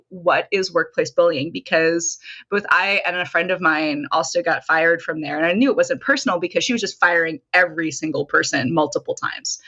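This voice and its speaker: Woman guest on a podcast, bright tense voice, kinda lo-fi dull sound, chatty with lots of "like". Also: lowish voice. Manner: animated storytelling, frequent "like". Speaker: nonprofit consultant and coach, guest. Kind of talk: conversational podcast interview.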